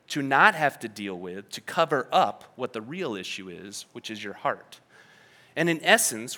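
A male pastor delivers a sermon in a chatty, emphatic way, breaking off now and then for playful asides. His voice sits a little high and sounds bright and forward.

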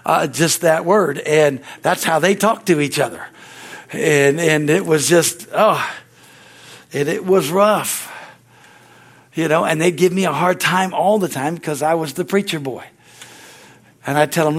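A middle-aged man preaching a sermon in church, fervent, with repeated words and frequent amens. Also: moderate pace. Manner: stories grow loud and high-pitched. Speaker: pastor.

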